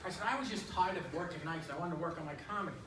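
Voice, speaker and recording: A man's voice: a little high, rapid-fire. A man in his fifties performing a stand-up comedy set, telling stories in a chatty way with plenty of filler words. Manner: conversational storytelling with lots of filler words. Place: club stage with an audience. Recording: echoey room, distant mic, audience noise. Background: audience laughter.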